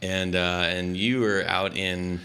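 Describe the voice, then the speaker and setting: A man's voice: low voice, little pitch movement, slow, pushed and bright, clear, resonant tone. A middle-aged man from Southern California hosting a podcast in casual chat, rambling and self-interrupting, laughing often. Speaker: podcast host.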